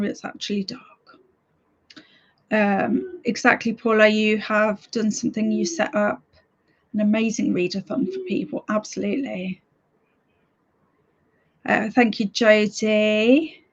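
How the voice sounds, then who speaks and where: Hosting a reading sprint livestream, a woman chats casually and giggles while reading viewer comments aloud. Her voice is medium in pitch, with the high frequencies cut off.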